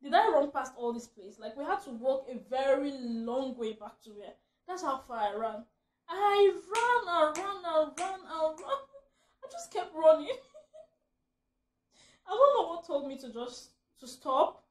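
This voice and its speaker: A woman with a high voice tells a story in a roomy, echoing space. She chats casually and stays animated, laughing often and acting out her own shouts. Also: normal speed. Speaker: vlogger telling a story. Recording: roomy echo.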